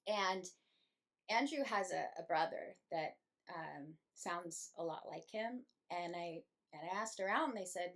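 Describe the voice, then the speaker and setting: A young adult woman, a medium, telling an emotional personal story to her viewers in a slow, heartfelt way. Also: on the low side. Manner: slow, emotional, breathy with feeling, laughs between phrases. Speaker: medium and channel host.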